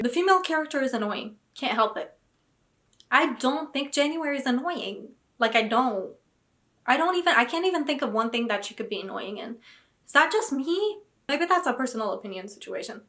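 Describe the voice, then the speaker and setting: A woman's voice: high-pitched, lively intonation, fairly quick, fairly bright tone. A young woman vlogging about books, talking casually and animatedly with dramatic, indignant outbursts. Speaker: book vlogger. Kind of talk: casual reaction vlog.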